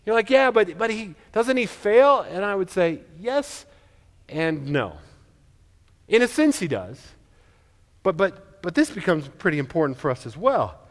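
A man preaching a sermon as pastor, earnest, with frequent stammered restarts. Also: on the high side. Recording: long reverb of a large hall.

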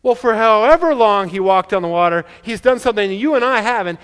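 High-voiced preacher in an echoing hall. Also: male voice, animated, fairly quick, few pauses, fairly bright tone, clean tone. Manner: earnest, frequent stammered restarts. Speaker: pastor. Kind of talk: sermon. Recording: long reverb of a large hall.

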